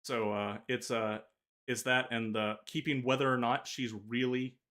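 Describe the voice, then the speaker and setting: Halting man chatting on a podcast. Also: medium pitch, steady tone, fairly bright tone. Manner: halting, many filler pauses. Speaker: podcast co-host. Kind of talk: casual gaming podcast chat.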